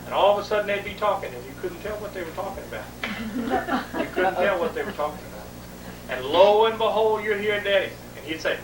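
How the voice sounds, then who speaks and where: A man telling a comic family story to a live audience, animated and repetitive. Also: high-pitched, fast. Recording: echoey room, distant mic, noisy.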